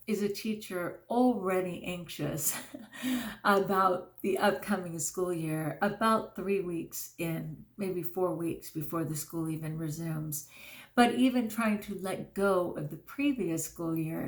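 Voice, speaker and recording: A woman in her forties, a longtime teacher, talking candidly and earnestly in a casual personal vlog, with frequent fillers. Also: fairly low pitch. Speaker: teacher and vlogger.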